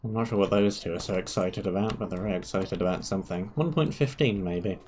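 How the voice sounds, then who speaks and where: A man's voice: low-pitched, fast, darkish tone, a little hiss or hum. A man streaming a game live, reading quest text aloud and making dry, wry asides as he plays. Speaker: gaming streamer.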